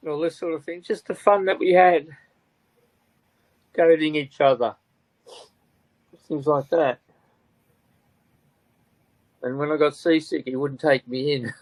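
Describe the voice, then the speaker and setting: This is an older man speaking as a tearful, grieving father. His voice sits a little high and keeps breaking. He talks haltingly and circles back over the same words. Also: no echo, rough recording. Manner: halting, repeats himself, voice breaking. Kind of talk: emotional interview talk.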